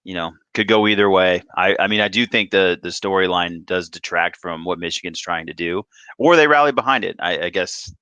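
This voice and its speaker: A man's voice: low voice, fairly quick, pushed and bright, smooth, no room sound, dull audio. A man co-hosting a sports podcast, talking casually and rambling with frequent restarts. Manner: rambling, self-interrupting, restarts often. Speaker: podcast co-host.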